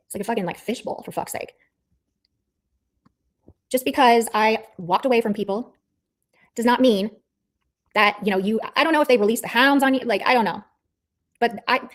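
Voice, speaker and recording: A woman livestreamer ranting in a heated callout, blunt and profane, repeating herself as she scolds someone. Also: mid-range voice. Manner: angry, blunt, profane, repetitive.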